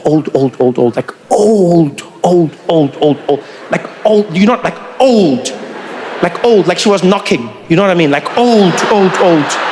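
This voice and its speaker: Animated South African stand-up comedian. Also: male voice, on the high side. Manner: animated storytelling, acts out characters.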